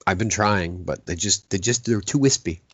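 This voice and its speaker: A man's voice: low-pitched, lively intonation, moderate pace, fairly bright tone, dry recording, lo-fi sound. A man co-hosting a casual film podcast, joking dryly and reading listener comments aloud. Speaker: podcast co-host.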